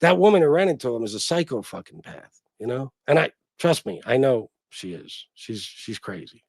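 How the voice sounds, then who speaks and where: A man's voice: mid-range voice, sing-song, moderate pace, vocal fry, husky, no echo, studio quality. A man hosting a casual livestream, talking bluntly and crudely and rambling with lots of fillers. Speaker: livestream host.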